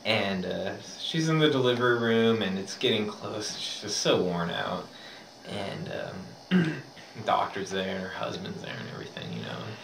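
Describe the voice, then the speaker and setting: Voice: medium pitch, gravelly. A speaker telling a long joke aloud in a classroom, rambling with many fillers. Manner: rambling with many fillers, building to gleeful excitement. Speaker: joke teller. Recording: roomy, distant, noisy room recording.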